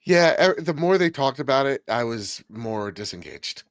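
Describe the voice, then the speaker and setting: A man's voice: medium pitch, big pitch swings, moderate pace, dry recording, studio quality. Jokey man chatting on a gaming podcast. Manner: jokey, rambling storyteller. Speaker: podcast co-host. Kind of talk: casual chat.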